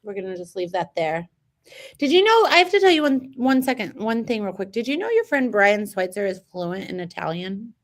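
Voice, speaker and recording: A woman co-hosting a casual chat show, teasing and animated when telling stories. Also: medium pitch, a little fast. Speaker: co-host.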